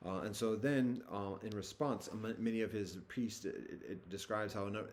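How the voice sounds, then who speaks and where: Low-voiced man reading and explaining scripture. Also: moderate pace. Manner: alternates formal scripture reading with loose slangy retelling; hesitant, with many fillers and restarts. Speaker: teacher walking through a scripture. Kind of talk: casual reading and explanation of a sacred text.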